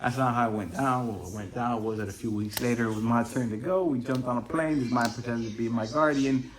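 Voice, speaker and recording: A man with a brisk, mid-range voice hosts his own podcast. In a casual solo monologue, he tells rambling stories laced with swearing.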